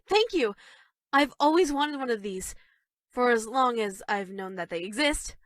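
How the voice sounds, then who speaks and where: A high-pitched, obsessive schoolgirl played by a woman for a dating game, bashful and stammering one moment and quietly sinister the next. The recording is dry and close, with no room sound at all. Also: dry recording, lightly acted. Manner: shy and stammering, with sudden dark menace. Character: obsessive yandere schoolgirl, sweet but creepy. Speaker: voice actress for a dating game character. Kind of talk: scripted game voice lines.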